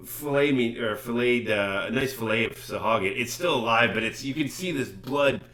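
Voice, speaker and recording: A man narrating a tabletop game as game master, halting and correcting himself as he describes the fight. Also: mid-range voice, fairly bright tone. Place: home streaming setup.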